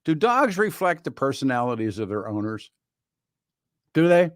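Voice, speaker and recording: A man's voice: mid-range voice, very animated, moderate pace, no room sound. A man hosting a talk radio show in a studio, delivering a rambling, wry monologue full of restarts. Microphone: studio microphone.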